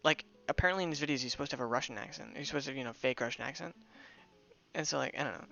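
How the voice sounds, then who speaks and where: A man's voice: medium pitch, racing, gravelly, pushed and bright, lo-fi sound. A young man chatting loosely while streaming a game, rambling with many restarts. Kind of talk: casual gameplay commentary.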